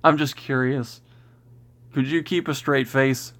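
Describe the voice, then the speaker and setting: A man's voice: mid-range voice, fairly even intonation, measured pace, fairly bright tone. A man hosting a casual livestream, rambling and restarting his sentences, often close to laughing. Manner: rambling, self-interrupting, often breaking into laughter. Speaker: YouTube channel host on a livestream.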